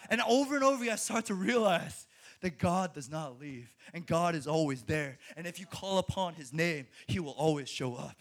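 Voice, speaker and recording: Young male preacher, high voice, animated, laughs often and stumbles into restarts. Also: moderate pace. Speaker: speaker at a college ministry. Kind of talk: sermon.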